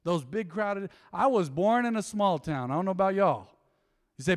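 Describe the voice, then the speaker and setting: High-voiced pastor in a reverberant hall. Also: male voice, moderate pace. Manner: animated, joking, folksy. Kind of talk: sermon. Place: church sanctuary.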